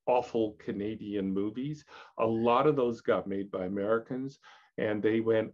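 An older actor telling candid stories as an interview guest, animated and laughing, with many restarts. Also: male voice, mid-range voice, normal speed. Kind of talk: candid storytelling chat. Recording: dull lo-fi audio.

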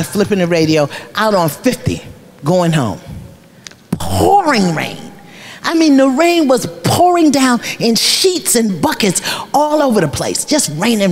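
A middle-aged woman, a life coach, giving a storytelling motivational speech in a preacherly way, repeating phrases for emphasis and laughing often. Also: mid-range voice. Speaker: keynote speaker, life coach. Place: large luncheon hall.

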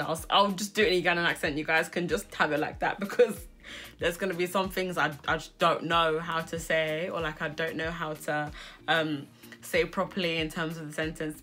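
A woman's voice: on the low side, fairly even intonation, fairly quick, pushed and bright, faint music behind. Giggly young woman doing a makeup tutorial. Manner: giggly, self-mocking, switches between English and Luganda. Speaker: beauty vlogger.

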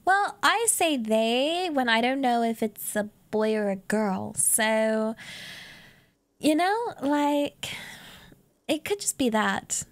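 A woman's voice: fairly high pitch, big pitch swings, slow, dry recording. A woman streamer giving playful, rambling commentary while playing a game and reading its text aloud. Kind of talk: casual gameplay commentary.

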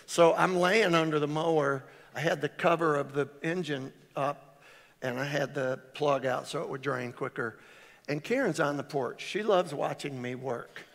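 A man pastor preaching a storytelling sermon, his voice swinging loud on exclamations. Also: on the high side, normal speed. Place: large church hall. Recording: reverberant church hall.

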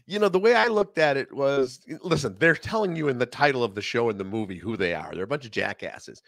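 A middle-aged man from Chicago with a faint Chicago accent, a film critic chatting as a podcast guest in an animated, aside-filled way. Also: medium pitch, fast talker, no echo, studio quality. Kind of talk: casual podcast conversation.

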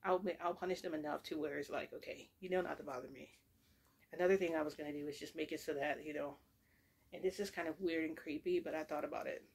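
A woman's voice: deep voice, fairly even intonation, quick pace, breathy edge. A woman telling a long story in a casual, rambling way, full of asides and self-corrections. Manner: rambling and chatty, with lots of fillers and self-corrections.

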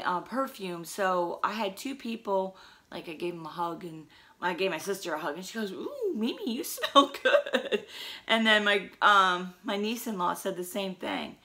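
Hoarse, chatty middle-aged woman vlogger with a gravelly, bright voice, casual haul talk. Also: mid-range voice. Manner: chatty, rambling with fillers.

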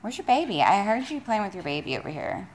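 A woman's voice: medium pitch, very animated, fast talker, a little hiss or hum. A woman pet sitter talking to a dog in sing-song baby talk. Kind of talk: talking to a dog while filming. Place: home with a dog.

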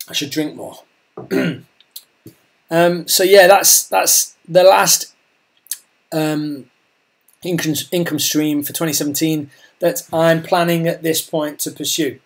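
Chatty man, voice going hoarse. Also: fairly high pitch, fairly even intonation, slow, pauses often. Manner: rambling, chatty, repeats words and restarts. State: losing his voice. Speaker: online business vlogger. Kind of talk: casual talk to camera.

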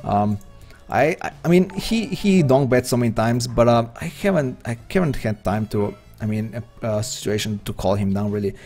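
A man's voice: medium pitch, animated, moderate pace, darkish tone, soft background music. A man from Slovenia with a Slovenian accent, chatting hesitantly and rambling as he commentates his own poker stream. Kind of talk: live-stream commentary while playing.

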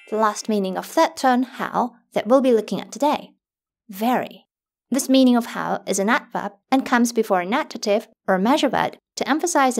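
A woman teaching a Mandarin lesson in clear, careful scripted narration, slowing down on the example words. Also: a little high, darkish tone.

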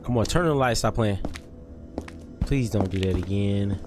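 A young man streaming a horror game, jumpy and excitable, talking in slang to his chat. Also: on the low side, normal speed, music in the background. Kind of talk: live horror gameplay commentary.

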